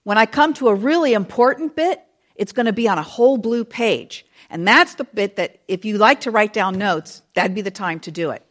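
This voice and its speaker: Animated woman preaching a lively sermon. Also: medium pitch, moderate pace. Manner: animated storytelling, acting out quoted voices; speaks to children in the audience.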